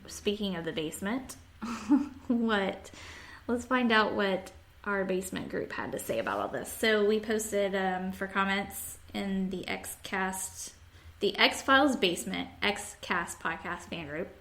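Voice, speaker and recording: A woman's voice: medium pitch, animated, slow pace, a bit bright. A woman hosting a podcast, casually chatting and reading listener comments aloud with frequent laughs. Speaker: podcast host.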